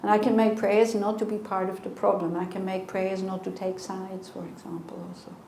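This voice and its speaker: A woman's voice: medium pitch, little pitch movement, normal speed, mellow. A woman in her sixties, a Buddhist teacher, giving a conversational dharma talk and answering questions with earnest rhetorical asides. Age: 60s. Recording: echoey room, faint noise.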